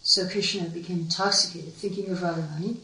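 A woman retells a devotional story in a sermon, earnest and vivid. Her voice is bright and forward. The recording is roomy, and she stands at a distance from the mic. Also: lowish voice, fairly even intonation, fast talker. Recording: echoey room, voice far from mic.

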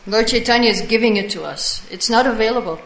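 A woman's voice: on the high side, fast, fairly bright tone. A woman teaching a devotional class, retelling stories with quoted dialogue and answering listeners. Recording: echoey room.

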